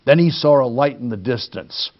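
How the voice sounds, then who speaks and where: A man's voice: medium pitch, lively intonation, normal speed, lo-fi sound. A man reading a children's storybook aloud expressively, addressing young listeners. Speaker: storytime reader.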